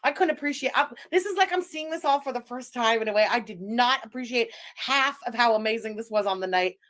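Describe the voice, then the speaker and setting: A woman's voice: a little high, brisk, a bit bright. A woman hosting a live stream, chatting casually, giggling, gloating and swearing as she reacts. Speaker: streamer and channel host.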